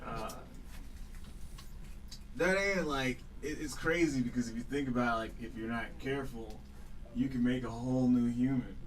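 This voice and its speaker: A man's voice: medium pitch, moderate pace, pauses often, distant mic, slight background noise, low-quality recording. A man doing a stand-up set with a crude, laid-back stoner delivery, performing live in a small comedy studio. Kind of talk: stand-up set with comic song. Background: live audience laughter, music.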